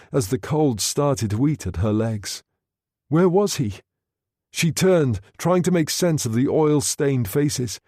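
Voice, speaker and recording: A man narrating an audiobook in a measured, steady reading. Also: mid-range voice, no echo, clean studio sound. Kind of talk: scripted narration.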